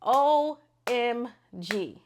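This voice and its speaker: A young adult woman hosting a podcast, talking unscripted in a blunt, animated and profane way. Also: on the high side, extremely slow, a little hiss or hum. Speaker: podcast host.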